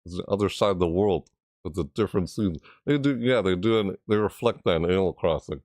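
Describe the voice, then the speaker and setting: A man who makes gaming videos, chatting casually to camera, reading out viewer messages and answering them in a rambling way, with sudden high yelps. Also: expressive, quick pace, a little mellow, no echo, clean studio sound. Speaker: gaming YouTuber reacting to trailers and chat.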